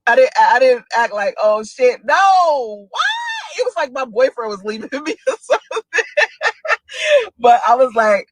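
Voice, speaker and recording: Animated laughing woman in her forties. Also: moderate pace, pauses often, no echo. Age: 40s. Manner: animated, laughing, dramatic pitch swings. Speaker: single mother telling stories to a friend. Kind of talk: casual monologue video.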